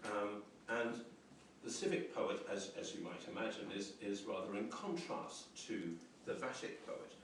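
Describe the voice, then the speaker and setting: A low-voiced man lecturing on poetry, pausing often with ums and circling back over his words in a thoughtful, unhurried way. He is heard from some distance in a strongly echoing lecture room, with a faint hum of room ambience underneath. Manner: hesitant, many ums and restarts, reflective. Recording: roomy echoey lecture hall, mic at a distance.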